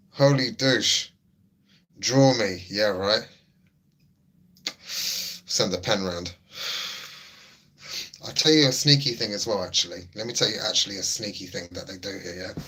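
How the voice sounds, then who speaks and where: A man's voice: lowish voice, pushed and bright. A middle-aged man, hosting a laid-back livestream chat and answering his viewers. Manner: chatty, repeats himself, laid-back banter. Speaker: livestream host. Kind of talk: casual livestream chat, reading chat.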